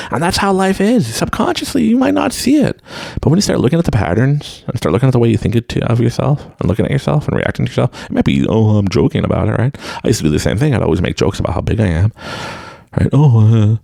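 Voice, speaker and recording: A man's voice: medium pitch, gravelly, mellow, no echo, studio quality. A man hosting his own podcast, giving an unscripted motivational talk and laughing often. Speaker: podcast host. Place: room at home with a mic.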